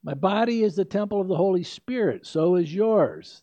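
An older male pastor preaches with a lively, swinging delivery and a fairly high voice. His tone is mellow rather than bright. The recording is dry and a bit dull. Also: normal speed, no echo. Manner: animated, emphatic preaching with asides. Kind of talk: sermon.

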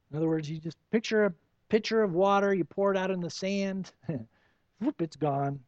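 A man's voice: high-pitched, moderate pace, a little mellow, dry recording, highs cut off. A man preaching a sermon as a pastor, earnest and pleading, full of rhetorical questions.

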